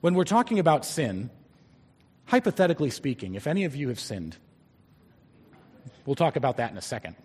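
A male pastor preaches in a measured, deliberate way, stretching out key words for emphasis. His medium-pitched voice is husky, slightly rough and darkish, with big pitch swings, and a church sanctuary's long reverb trails every phrase.

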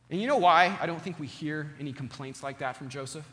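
A male pastor preaching a sermon, earnest and deliberate, slowing down to stress key words, in a church sanctuary. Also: fairly high pitch, a bit bright. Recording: long hall reverb.

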